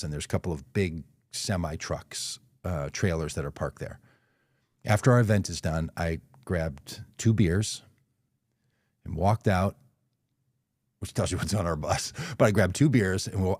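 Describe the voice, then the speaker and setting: A man's voice: low voice, a little mellow, no room sound, studio quality. Man telling a story over video call. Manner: conversational, self-correcting as he goes. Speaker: guest speaker. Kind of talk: anecdotal storytelling.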